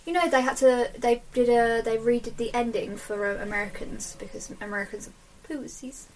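A young woman co-hosting a podcast, telling stories in lively casual chat with lots of fillers. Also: a little high, fairly quick, poor audio. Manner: animated storyteller, full of "like"s. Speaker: podcast co-host.

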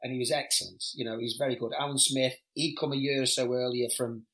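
A middle-aged former footballer, a man, telling animated anecdotes in a casual podcast interview, often stammering and repeating words. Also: medium pitch, quick pace, low-quality recording.

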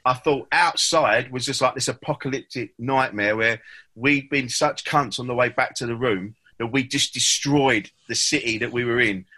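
A man telling an animated anecdote in a casual chat. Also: medium pitch, normal speed.

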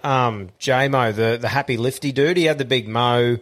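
A man's voice: mid-range voice, normal speed. A young Australian man from Central Queensland, hosting a podcast and telling anecdotes in a casual, swearing, storytelling way. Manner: swears freely, acts out other people in anecdotes. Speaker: podcast host.

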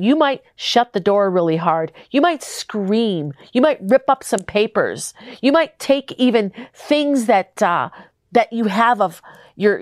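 A woman's voice: medium pitch, dry recording, clean studio sound. A young adult woman hosting a faith podcast, talking to listeners in an earnest, emotional way that is tearful at times. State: crying at times. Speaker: podcast host. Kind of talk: heartfelt faith podcast talk.

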